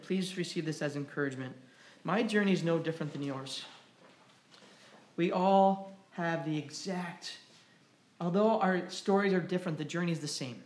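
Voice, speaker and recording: High-voiced preacher in an echoey room. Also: male voice. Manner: impassioned, rising and loud when stressing a point. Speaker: pastor. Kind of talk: sermon. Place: church sanctuary.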